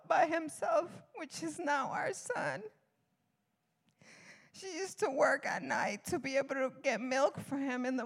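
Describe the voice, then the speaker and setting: A woman missionary giving an earnest testimony sermon, laughing often and acting out dialogue. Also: sits high. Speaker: missionary speaker. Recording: long hall reverb.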